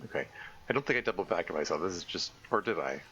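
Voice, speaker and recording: Deep-voiced man rambling through a game stream. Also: animated, fast, sharp tone. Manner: rambling, self-correcting, frequent stammered restarts. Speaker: streamer playing a survival game. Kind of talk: casual live-stream commentary. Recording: slightly dull lo-fi mic with faint noise.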